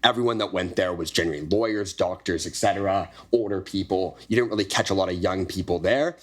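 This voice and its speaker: Low-voiced young man telling a story. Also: quick pace. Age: young adult. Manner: animated, acts out dialogue, swears freely. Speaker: podcast host. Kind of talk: casual storytelling in a podcast conversation. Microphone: podcast studio microphone.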